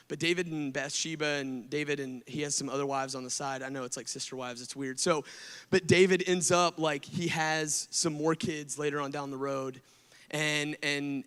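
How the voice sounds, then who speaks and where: A man preaching a casual youth sermon to students, telling the story in an animated way full of "like" and "right?". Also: a little high. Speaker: speaker at a student event. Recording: long hall reverb.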